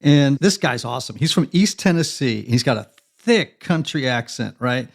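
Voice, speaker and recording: A man's voice: medium pitch, expressive, normal speed, creaky. A man speaking as a guest on a conversational interview podcast, earnest and reflective, with emphatic stretches.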